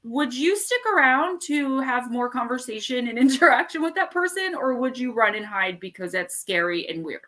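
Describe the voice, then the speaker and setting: A woman hosting a casual live stream about the paranormal, rambling and animated as she tells stories. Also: fairly high pitch, normal speed, few pauses. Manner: animated, rambling storyteller who acts out quotes. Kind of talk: casual livestream chat.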